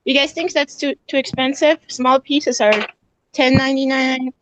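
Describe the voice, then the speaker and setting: A woman's voice: high voice, flat delivery, normal speed, fairly bright tone, dry recording, poor audio. A woman on a group video call, chatting casually and pointing out things she has found. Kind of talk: casual chat.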